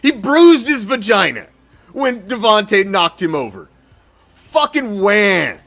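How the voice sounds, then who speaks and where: A man's voice: sits high, sing-song, unhurried, vocal fry, fairly bright tone, soft background music. A man hosting a sports fan show, ranting heatedly and swearing in an exasperated way. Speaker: sports podcast host. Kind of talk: profane fan reaction rant.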